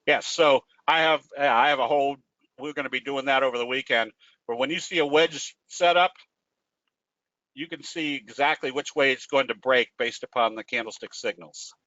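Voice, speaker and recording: A man's voice: mid-range voice, moderate pace, sharp tone, dry recording. A man presenting a trading webinar in a casual, folksy way, telling jokes and restarting his sentences. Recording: dull lo-fi dry audio.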